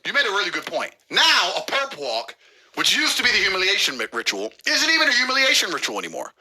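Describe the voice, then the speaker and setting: A man's voice: high-pitched, huge pitch swings, fast, pushed and bright, poor audio. A man co-hosting a comedy podcast, ranting in a mock-serious, sweary way. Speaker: podcast co-host.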